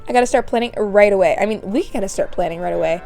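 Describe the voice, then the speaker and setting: A woman voicing an excited young woman who has just been proposed to, gushing in a rushed, squealing way. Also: medium pitch, gravelly, soft background music, close to an everyday voice. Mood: overjoyed. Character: giddy young woman, newly engaged, gushing.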